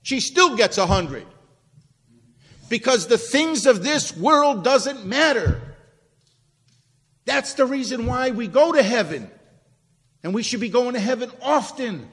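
A man with a high voice delivers a sermon from the pulpit, talking to the congregation and putting questions to them. His voice carries a long reverb from the church hall around him. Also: expressive, a little slow, long pauses, a bit bright, husky. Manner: conversational preaching, asks the congregation questions. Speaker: pastor. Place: church sanctuary, also streamed online.

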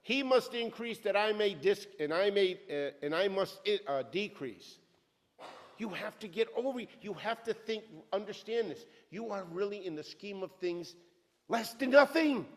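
A middle-aged male pastor preaching a sermon with fervent, emphatic delivery that swings from loud outbursts to quiet asides, in a church sanctuary. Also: high voice, lively intonation, normal speed. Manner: fervent, emphatic preaching that rises and drops sharply. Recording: long reverb of a church hall.

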